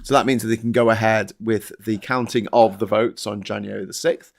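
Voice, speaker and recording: A man's voice: fairly low pitch, fairly even intonation, a little fast, gravelly. A British man hosting a casual panel chat, rambling loosely, swearing and laughing between points. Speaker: host.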